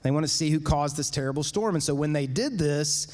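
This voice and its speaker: A man preaching a sermon as pastor, conversational and animated, with casual asides to the congregation. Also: a little high, brisk, in a large hall. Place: church sanctuary.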